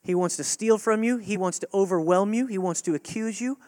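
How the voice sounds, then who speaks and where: Male pastor mid-sermon: high, very expressive voice, dry close sound, earnest, drops to a hush for effect. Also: a little fast, no echo. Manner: swings between loud urging and hushed, near-whispered stretches; earnest, direct appeals to the congregation.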